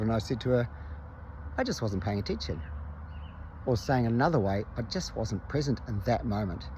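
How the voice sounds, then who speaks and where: A man's voice: mid-range voice, warm tone, slight background noise. A man candidly telling a personal story in a conversational, self-reflective way, recorded outdoors. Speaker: vlogger.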